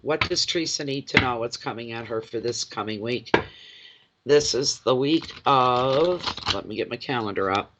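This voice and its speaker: A man's voice: mid-range voice, moderate pace, noisy background. A man giving a live tarot reading, chatty and joking, and poking fun at himself between cards. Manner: chatty, joking and self-deprecating. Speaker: tarot reader. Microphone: phone.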